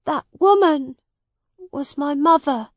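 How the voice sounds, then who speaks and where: A woman voicing Tom, a young pauper boy posing as king, by turns shouting and sad in a storybook reading. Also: high-pitched, takes it slowly, no echo, pitched above the performer's own voice.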